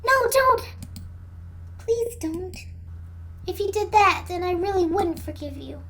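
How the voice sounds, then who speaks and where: A woman voicing a tearful, fragile teenage girl in a game, speaking softly and shakily. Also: extremely high pitch, lively intonation, slow, exaggerated voice. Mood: pleading. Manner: soft, shaky and pleading.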